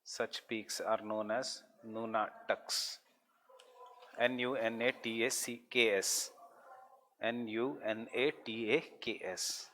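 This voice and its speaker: Man, Indian English accent, geography lecturer, dictating, repeats phrases, spells terms, bright forceful voice, long hall reverb. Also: fairly low pitch, fairly even intonation, slow pace, slight background noise.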